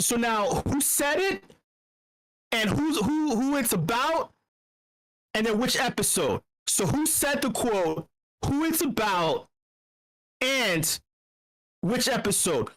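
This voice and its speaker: A man hosting a casual live voice-channel show, brash and profane, teasing his listeners and swinging into loud drawn-out shouting. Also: very high voice, animated. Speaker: host of a community voice-chat show. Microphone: computer mic in voice channel.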